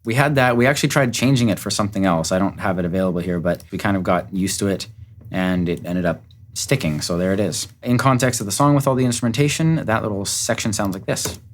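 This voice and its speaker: Speaking fast in a lowish voice, a man who works as a music producer and recording engineer enthusiastically breaks down the production of a song. The mood is upbeat, and faint music from the track sits in the background.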